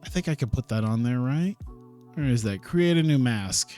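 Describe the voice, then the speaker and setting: A man's voice: mid-range voice, lively intonation, moderate pace, darkish tone, faint music behind. A man casually talking through a wrestling management game on a live stream, thinking aloud, chuckling and swearing now and then. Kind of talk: casual gaming stream commentary.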